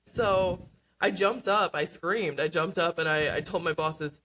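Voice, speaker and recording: A woman guest on a radio interview, talking earnestly with many pauses and fillers. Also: lowish voice, fairly bright tone, low-quality recording. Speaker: award-winning student scriptwriter guest. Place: radio studio.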